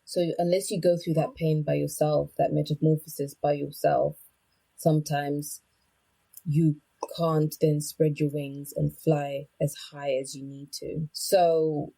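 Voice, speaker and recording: A woman's voice: sits low, flat delivery, measured pace, gravelly, mellow, slightly rough, poor audio. A woman from Zimbabwe speaking as a podcast guest, reflective and searching for words as she talks. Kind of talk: personal interview talk.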